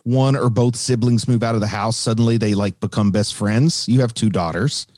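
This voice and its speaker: A man in a casual podcast chat, calmly explaining his own reading of a show. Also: mid-range voice, normal speed, dry recording, clean studio sound.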